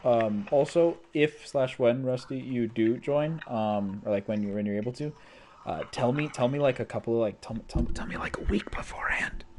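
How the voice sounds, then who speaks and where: A man's voice: medium pitch, darkish tone, slight background noise. A man hosting a livestream, chatting casually and rambling with frequent restarts and laughs. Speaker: streamer host.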